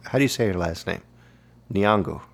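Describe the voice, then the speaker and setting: Lively low-voiced man in casual chat. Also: normal speed, slight background noise. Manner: animated, jokey, laughs often. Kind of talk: casual movie discussion.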